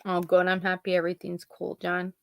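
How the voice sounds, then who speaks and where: A Pennsylvania woman hosts a podcast, chatting casually with live listeners and spinning rambling stories packed with quoted dialogue. Her voice is lowish and fairly bright, with vocal fry, and she talks briskly in a completely flat delivery. The recording has no room sound.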